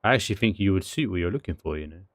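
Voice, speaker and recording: Chatty British young man, low voice. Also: racing. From United Kingdom. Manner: slangy, chatty, lively reactions. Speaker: livestreamer. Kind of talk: casual livestream chat.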